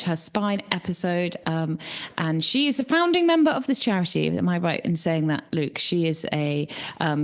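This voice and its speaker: A woman hosting a podcast, chatting enthusiastically with plenty of fillers and exclamations. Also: on the low side. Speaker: podcast host. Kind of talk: casual chat.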